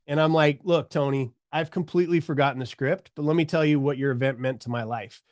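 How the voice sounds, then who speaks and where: A middle-aged man telling his story as a podcast guest, animated, acting out the voices of people he quotes. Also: on the high side, fairly quick, dry recording, clean studio sound.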